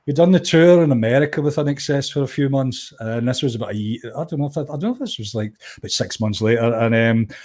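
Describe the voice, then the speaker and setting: A man's voice: medium pitch, fast talker, hardly any pauses. A Scottish man in middle age talks as a guest musician, spinning a story with plenty of false starts. He slips into the voices of the people he quotes, his voice sitting in an everyday middle register. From Scotland. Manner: animated anecdote-telling, acts out quoted voices, frequent restarts. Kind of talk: conversational storytelling.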